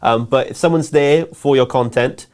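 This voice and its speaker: Co-hosting a business live show, a man chats casually and quickly, laughing often and using lots of fillers. His mid-range voice has a clean tone but sounds a little worn.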